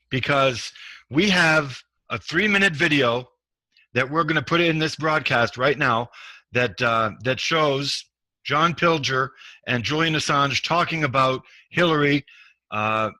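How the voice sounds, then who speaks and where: A man hosting a talk show, briskly steering toward a video segment. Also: fairly high pitch, pushed and bright, no room sound. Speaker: host.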